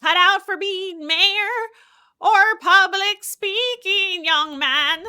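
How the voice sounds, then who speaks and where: A woman voicing a kindly elder townsperson who speaks slowly and loudly, drawing out each word. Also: extremely high pitch, soft background music, voice pushed up, exaggerated voice. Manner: slow, drawn-out and emphatic.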